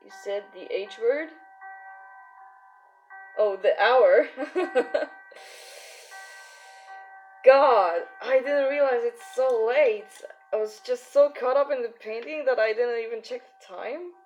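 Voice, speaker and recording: A young woman streamer chats casually while painting, giggling and filling her talk with "like". Her voice sits a little high and she speaks slowly. Soft music plays in the background. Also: muffled recording. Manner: giggly, chatty, many fillers. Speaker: art streamer. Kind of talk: casual live-stream chat.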